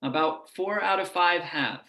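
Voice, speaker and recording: A man with a lower Midwest American accent giving an online lecture and demonstrating vowel sounds as he explains. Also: a little slow, pushed and bright, roomy sound. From United States.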